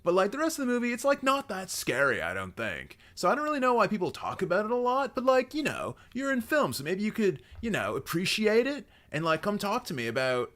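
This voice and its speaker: A man's voice: high-pitched, wildly swooping pitch, a little fast, few pauses, fairly bright tone, voice pushed up, full character voice. A man voicing an obnoxious young bro who talks down about movies, rambling and filling his talk with "like". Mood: smug. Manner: condescending, rambling, full of "like".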